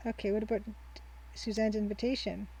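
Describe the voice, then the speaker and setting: A woman's voice: mid-range voice, level tone, brisk, vocal fry, dark tone, a little hiss or hum, rough recording. A woman streamer and game developer in casual live-stream commentary, chatty as she reads game text and chat messages aloud. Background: faint game music.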